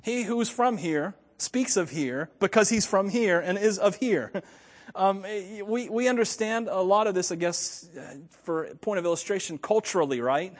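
A man's voice: high-pitched, animated, moderate pace, long reverb tail. A man from Florida with a slight Southern accent, preaching a sermon in a conversational way with frequent chuckles. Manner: conversational, chuckles often, asides to the audience. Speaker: pastor.

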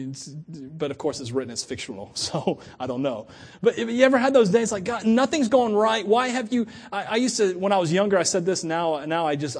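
With a voice on the high side and a breathy edge, this middle-aged pastor gives a sermon to his church. He's chatty and lively, laughs a lot, and performs the quoted voices.

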